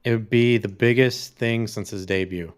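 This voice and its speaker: Smooth, low-voiced man, laid-back podcast chat. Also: steady tone, normal speed. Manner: laid-back, swears freely, laughs often. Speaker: podcast co-host. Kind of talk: casual chat.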